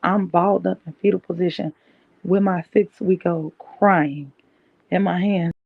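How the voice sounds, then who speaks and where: A young woman, telling a personal story candidly on her podcast in a conversational, animated way. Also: lowish voice, unhurried, gravelly. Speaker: podcast host. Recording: dull, dry, lo-fi mic.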